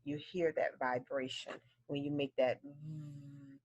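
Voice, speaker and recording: Woman teacher, low voice, unhurried phonics drill for kids, dull lo-fi recording. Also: sing-song, a little mellow, dry recording. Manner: slow, clearly drilled word pairs. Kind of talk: phonics lesson for children.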